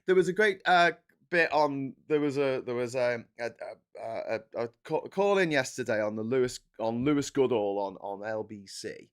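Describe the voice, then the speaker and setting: A man talks in a sarcastic, rambling rant as host of a casual live stream. His voice sits a little high for a man. Now and then he drops into mocking, whiny impressions of the people he's criticising. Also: expressive, normal speed, a bit bright. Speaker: livestream host. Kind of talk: casual ranting chat.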